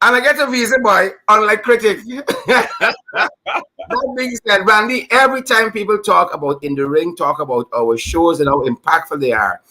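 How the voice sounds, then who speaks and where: A man's voice: sits high, moderate pace, pushed and bright. A Guyanese man with a Guyanese accent, a talk show guest who jokes around and laughs often. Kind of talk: casual talk show conversation.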